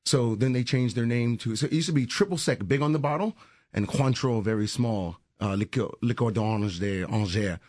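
Booming-voiced male spirits educator. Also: normal speed, darkish tone, dry recording. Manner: booming radio voice, informative. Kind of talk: radio guest explaining.

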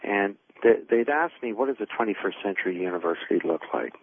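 A man guest author telling an anecdote in an animated way, acting out the people he quotes. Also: fairly low pitch, fast talker, gravelly, a little hiss or hum. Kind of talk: anecdotal storytelling. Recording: tinny phone line.

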